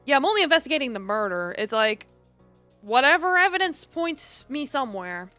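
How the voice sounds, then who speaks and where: A woman's voice: sits high, big pitch swings, a little fast, bright, forceful tone, dry recording, soft background music. A woman streaming a game, reading its dialogue aloud and adding casual, swearing asides.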